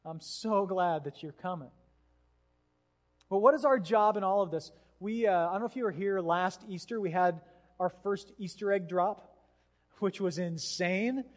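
A man with a high, light voice preaches to his congregation, spinning an animated story and slipping into the voices of the people in it. His words ring out with a long reverb through a large church sanctuary, picked up by a stage microphone. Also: measured pace. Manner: animated storytelling with acted-out quotes. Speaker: pastor. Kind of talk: sermon.

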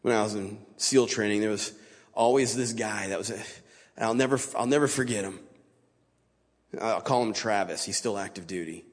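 A man's voice: fairly low pitch, moderate pace. A man giving an informal sermon as a guest speaker in a church, talking in a casual, plain-spoken, conversational way. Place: church sanctuary. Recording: long reverb of a large church hall.

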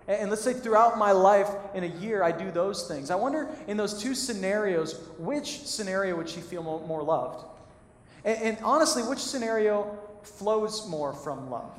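High-voiced pastor in an echoey hall. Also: male voice, animated, moderate pace. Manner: conversational, acts out little scenes. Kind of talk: sermon. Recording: echoey hall with long reverb.

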